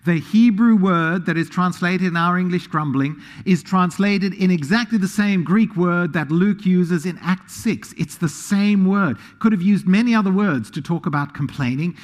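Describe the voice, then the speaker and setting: A man preaching a sermon, animated, swinging between quiet asides and loud emphasis. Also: high voice, moderate pace, hardly any pauses, big-room sound. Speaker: pastor.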